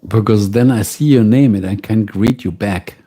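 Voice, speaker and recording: A man with a German accent and a voice on the low side hosts a livestream. He chats casually and directly with his viewers, relaxed and unhurried.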